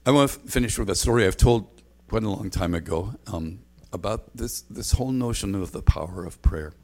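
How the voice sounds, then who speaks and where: A man's voice: lowish voice, fairly quick, a little mellow. An older man preaching a sermon in an earnest, conversational way, often restarting his phrases. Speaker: pastor.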